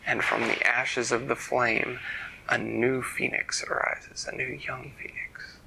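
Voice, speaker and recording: A man telling an improvised bedtime story in a soft, hushed voice, stopping to explain words. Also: medium pitch, flat delivery, slow pace, gravelly, background noise.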